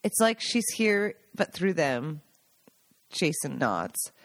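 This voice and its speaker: A woman's voice: sits low, big pitch swings, takes it slowly, dry recording. An American woman, a podcast host, reading her own memoir aloud in a conversational, wry, self-amused way. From United States.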